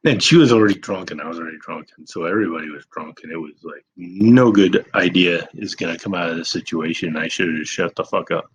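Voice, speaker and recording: A man's voice: low voice, quick pace, hardly any pauses, slight background noise, rough recording. A young man telling a personal story in a rambling, self-deprecating way, swearing freely. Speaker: vlogger. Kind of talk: casual storytelling.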